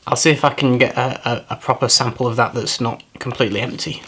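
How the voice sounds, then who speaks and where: A man at an ordinary middle pitch reviews fragrances in a relaxed, unscripted way. He pauses, restarts and repeats words while working out what he smells, and he is often apologetic about himself. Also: slight background noise. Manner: thoughtful, hesitant, self-deprecating, repeats words while searching. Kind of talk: casual product review.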